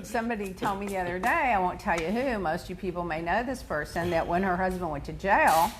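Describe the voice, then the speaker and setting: A woman hosting a talk show, telling personal stories in a chatty, animated way, laughing often and acting out the people she quotes. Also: on the low side, fast, a little hiss or hum. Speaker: host.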